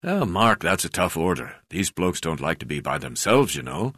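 A man voicing a boozy, portly, profane older male magistrate-rancher who talks bluntly and jokes with a croaky voice. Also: low voice, very animated, normal speed, fairly bright tone, no room sound, studio quality, full character voice. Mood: gruff joking. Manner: blunt, swearing, joking.

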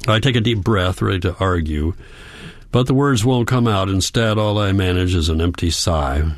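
Audiobook narrator, man, low voice, measured reflective first-person read, dry close sound. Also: no room sound.

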